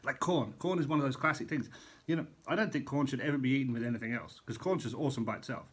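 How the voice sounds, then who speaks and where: Husky chef rambling while he eats. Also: medium pitch, fast. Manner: chatty, rambling, eating while talking. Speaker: chef vlogger. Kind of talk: casual rambling vlog while eating. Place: hotel room in quarantine.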